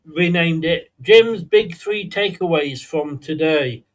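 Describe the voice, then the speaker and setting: A man's voice: a little high, takes it slowly. A man hosts a fan show in a chatty way, moving it along and handing over to his co-hosts. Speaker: show host. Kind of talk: casual podcast banter.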